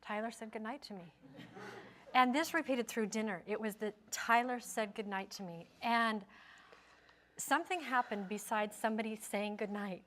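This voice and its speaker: A woman guest on a talk show, a parent telling a personal story in a lively, anecdotal way. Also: on the high side, moderate pace, a little hiss or hum.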